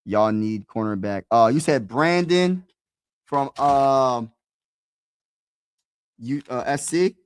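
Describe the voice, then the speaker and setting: A man's voice: mid-range voice, expressive, slow, pauses often, smooth, no room sound. Chatty man live-streaming to his chat. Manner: talks to chat, repeats himself, casual slang. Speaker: sports streamer.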